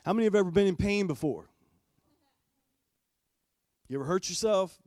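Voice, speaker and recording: A male pastor preaches in a church in a relaxed, conversational way. He speaks in a slightly high voice and puts direct questions to the congregation. The sound is close and dry. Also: normal speed, no echo. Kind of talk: sermon.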